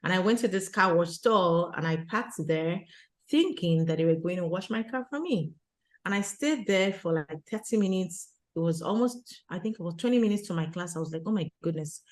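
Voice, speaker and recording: Woman guest, earnest storyteller, lowish voice, peppers talk with "you know". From abroad, immigrant to Canada. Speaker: guest, retreat organizer for women. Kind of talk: conversational interview storytelling.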